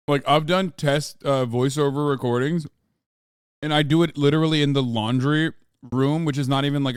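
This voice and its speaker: A man's voice: mid-range voice, clean tone, no echo, studio quality. A man hosting a stream, riffing and cursing casually as he reacts to a video. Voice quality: animated, profane, riffing.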